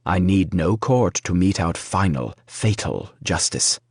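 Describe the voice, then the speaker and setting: A man's voice: sits low, expressive, a little slow, breathy edge, no echo, heavily acted. A man voicing a stern, haughty male war wizard who speaks curtly and icily. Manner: icy, curt.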